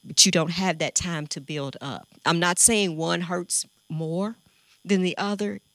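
A woman who works in hospice care, answering a panel question in a calm, measured, explanatory way. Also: lowish voice, dry recording. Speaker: hospice grief worker.

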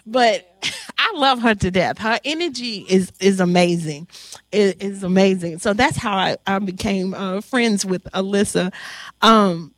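Animated woman telling a story, dry sound. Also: mid-range voice, no echo. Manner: animated, halting with fillers, emotional. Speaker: panel moderator. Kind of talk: emotional storytelling to an audience.

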